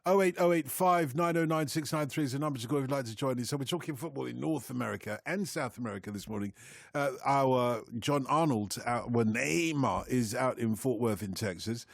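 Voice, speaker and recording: A man's voice: medium pitch, brisk, vocal fry, dry recording, studio quality. A man presenting a live radio football phone-in, reading out numbers and texts with chatty, jokey banter.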